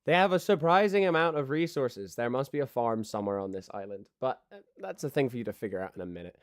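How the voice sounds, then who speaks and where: A man's voice: mid-range voice, lively intonation, a little fast, hardly any pauses, dry recording, clean studio sound. A man narrating as game master of a tabletop game, rambling with many ums and frequent laughs.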